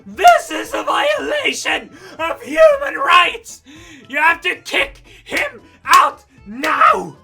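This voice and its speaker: A man's voice: very high-pitched, expressive, slow, pauses often, roomy sound, recorded from a distance, soft background music, pitched above the performer's own voice, exaggerated voice. Man doing a screeching entitled woman. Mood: hysterical. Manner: screeching, hysterical yelling. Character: shrieking entitled middle-aged woman shopper.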